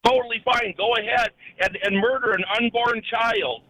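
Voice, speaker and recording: A man's voice: very high voice, steady tone, moderate pace, sharp tone, rough recording. A man calling in to a radio talk show who sounds indignant and often stumbles and restarts his sentences. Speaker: caller. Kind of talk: phoned-in talk radio call.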